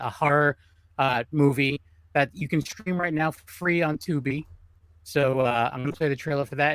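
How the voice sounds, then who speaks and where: A man's voice: fairly high pitch, no echo, rough recording. Man hosting a podcast in a dry room. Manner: relaxed, reacts and introduces segments. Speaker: podcast host. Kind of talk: casual podcast chat.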